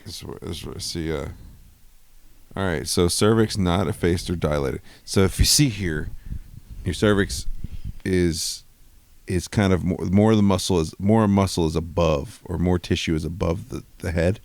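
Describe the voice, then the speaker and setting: A man's voice: sits low, moderate pace, gravelly, a little mellow, dry recording. A man co-hosting a podcast from a bedroom at home, explaining things patiently and thinking aloud in casual chat. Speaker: podcast co-host.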